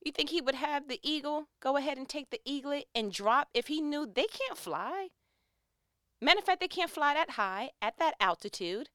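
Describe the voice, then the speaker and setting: A woman from New York with a New York accent, giving a lively, laughing faith talk and acting out little quoted scenes. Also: high voice, moderate pace, no echo, clean studio sound. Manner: animated, laughing, acts out quotes.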